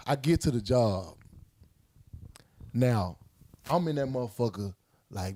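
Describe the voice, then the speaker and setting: A man co-hosting a podcast in casual chat, telling stories in an animated way and mimicking other people's voices. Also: mid-range voice, slow pace, long pauses. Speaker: podcast co-host.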